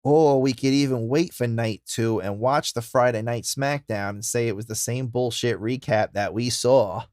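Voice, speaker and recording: A young man hosting a wrestling podcast, telling stories in a loud, profane, casual way. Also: medium pitch, normal speed, hardly any pauses, no echo, clean studio sound. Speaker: podcast host. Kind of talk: casual chat.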